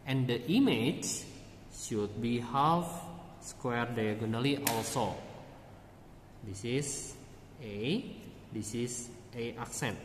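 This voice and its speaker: Guy teaching math real slow, echoey roomy recording, bit of noise behind. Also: mid-range voice. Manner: slow, step-by-step explaining with frequent "okay". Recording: echoey room with faint background noise.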